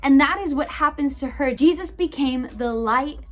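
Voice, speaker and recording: A woman's voice: high voice, moderate pace, soft background music. Chatty young woman giving a youth sermon. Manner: animated, chatty, lots of "like". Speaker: youth leader preaching. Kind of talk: casual youth sermon, storytelling.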